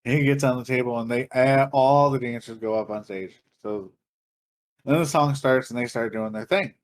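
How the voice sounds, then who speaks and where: A man's voice: mid-range voice, normal speed. A man on a podcast telling a long story in a casual, profane, laughing way. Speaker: podcast co-host.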